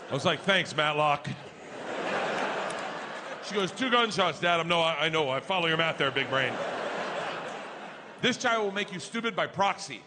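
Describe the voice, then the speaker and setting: A man doing stand-up storytelling, loud and profane, acting out his family in quick voices. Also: on the high side, expressive. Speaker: stand-up comedian. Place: large comedy venue, indoors. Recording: live venue with long reverb and audience noise. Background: crowd laughter and ambience.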